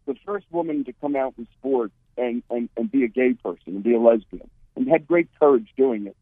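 A man's voice: medium pitch, a little fast, slightly rough, no room sound. Man aan een blikkerige telefoonlijn. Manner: emphatic, opinionated storytelling. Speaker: radio guest, network executive. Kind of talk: phone-in interview. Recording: tinny phone line.

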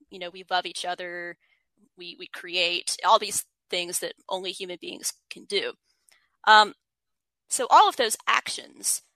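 A woman's voice: mid-range voice, pushed and bright, dry recording, rough recording. A woman writer giving an interview, explaining ideas earnestly and reading quotes aloud. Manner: earnest, frequent restarts, reads quotes aloud. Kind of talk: thoughtful conversational explanation.

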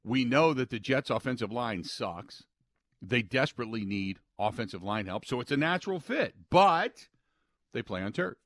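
A man's voice: medium pitch, lively intonation, normal speed, fairly bright tone, no echo, studio quality. A man hosting a sports talk radio show, ranting emphatically and acting out what players might say. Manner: emphatic, opinionated, quotes imagined players.

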